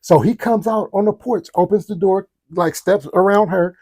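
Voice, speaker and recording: Warm-voiced animated storyteller man. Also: high-pitched, moderate pace. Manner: animated, talks to the audience, acts out quotes. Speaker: podcast host. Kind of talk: storytelling podcast.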